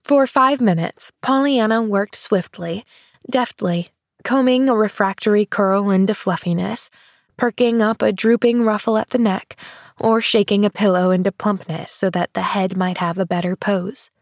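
A woman narrating a classic novel in measured, gentle storytelling. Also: medium pitch, dry recording, clean studio sound. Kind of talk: audiobook narration.

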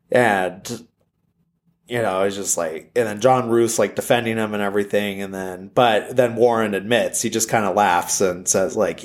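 A man's voice: lowish voice, a little slow. A man casually retelling a film's plot, rambling with lots of fillers. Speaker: film plot recapper.

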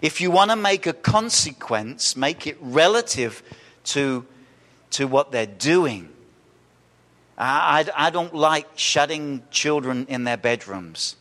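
A male pastor preaching a sermon, animated, acting out quoted voices and asking the congregation questions. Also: a little high, slow. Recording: reverberant church hall.

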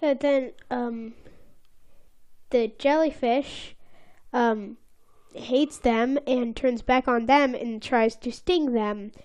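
A woman's voice: on the high side, fairly even intonation, takes it slowly, a little mellow. A woman co-hosting a casual podcast, playfully teasing and retelling cartoon scenes in detail. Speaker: podcast co-host. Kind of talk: casual episode recap chat.

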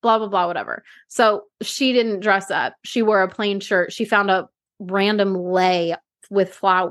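Animated mom telling stories with a lilt. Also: female voice. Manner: animated storyteller, acts out quotes with big pitch jumps. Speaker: podcast co-host. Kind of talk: casual chat.

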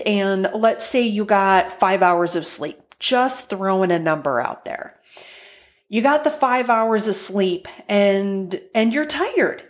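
Slow-talking woman life coach podcaster. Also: mid-range voice. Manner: chatty, encouraging, acts out quoted thoughts. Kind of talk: solo podcast talk.

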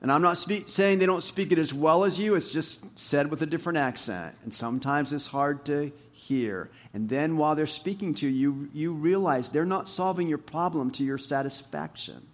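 Animated pastor preaching. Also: male voice, normal speed, few pauses. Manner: animated, rising to emphatic highs and dropping low. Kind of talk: sermon.

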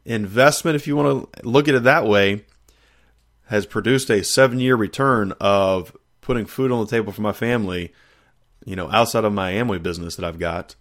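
A middle-aged man, hosting a faith podcast and telling a personal testimony in an animated, storytelling way with frequent laughter. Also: lowish voice, moderate pace. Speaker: podcast host.

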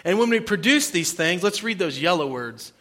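Pastor guy preaching, bright kinda highish voice, repeats lines in rhythm, gets loud then quiet. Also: sing-song, normal speed. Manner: emphatic preaching, rising and dropping volume for effect; repeats phrases in a rhythmic cadence. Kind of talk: sermon.

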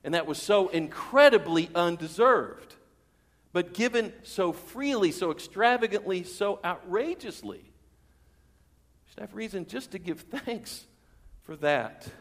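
A man's voice: sits high, expressive, takes it slowly, long reverb tail. A man preaching a sermon as pastor in a church, asking the congregation questions and repeating key words for emphasis. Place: church sanctuary.

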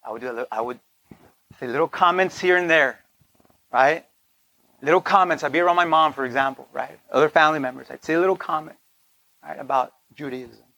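A preacher with a fairly high, bright, forceful voice gives an informal, conversational sermon, speaking briskly but pausing often. He drops to a whisper for asides, rises for emphasis, and keeps checking in with his listeners. The recording is dry.

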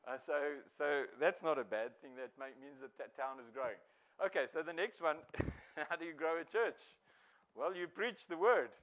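A man preaching a sermon to his church in a relaxed, conversational way with frequent restarts. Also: fairly high pitch, moderate pace, rough recording. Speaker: pastor.

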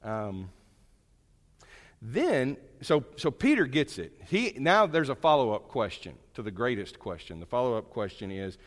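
Male pastor, conversational sermon storyteller, lively delivery, roomy reverberant hall. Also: on the low side, normal speed. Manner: conversational, animated storytelling with asides.

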